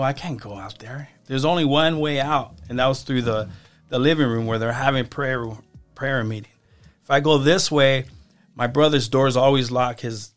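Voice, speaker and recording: A man speaking as a podcast guest, telling his life story in a halting way and often repeating his words. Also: medium pitch. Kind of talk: personal testimony in casual conversation.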